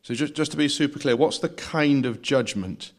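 A man moderating a church Q&A, reading out audience questions in a measured, plain way. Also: mid-range voice.

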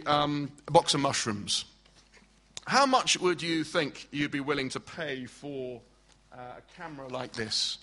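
A man's voice: on the high side, sharp tone. A middle-aged man preaching a sermon, acting out quoted speech and putting questions to the congregation.

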